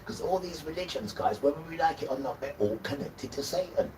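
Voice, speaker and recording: A man's voice: on the high side, lively intonation, a little fast, recorded from a distance, background noise. A man giving a preachy, emphatic livestream talk, lecturing the viewers with chuckling asides. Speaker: livestream host.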